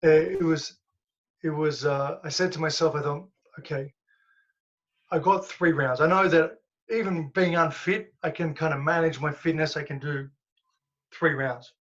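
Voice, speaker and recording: A man, a guest and former professional fighter, telling stories in a casual, animated way, laughing and swearing as he goes. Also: on the high side, measured pace, muffled recording. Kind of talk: casual storytelling.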